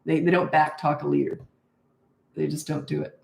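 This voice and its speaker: A woman's voice: level tone, moderate pace, vocal fry, darkish tone. An older woman coaching parents in a live question-and-answer session, direct and matter-of-fact. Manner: direct, matter-of-fact advice, acts out kids in high voices. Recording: echoey room.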